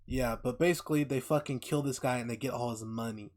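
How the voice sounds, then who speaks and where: Profane, animated male podcast co-host. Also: medium pitch, quick pace. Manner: profane, animated retelling with acted-out quotes. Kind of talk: casual chat recapping a TV show.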